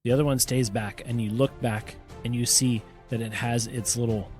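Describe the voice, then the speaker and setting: A man's voice: medium pitch, moderate pace, faint music behind. Laid-back man running a tabletop game. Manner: relaxed, hesitant narration with many fillers. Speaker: game master.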